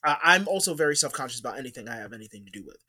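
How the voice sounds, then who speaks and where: Rambling man with a lively voice. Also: mid-range voice, racing, a crowd in the background. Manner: rambling storyteller, many fillers and restarts. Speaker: podcast co-host. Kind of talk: casual chat.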